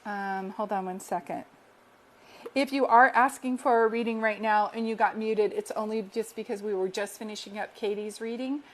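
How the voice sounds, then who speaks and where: A psychic medium speaks at normal speed in a medium-pitched, fairly evenly intoned voice during a live-stream reading. She soothes her audience affectionately, calls them sweetheart, and repeats affirmations with earnest conviction.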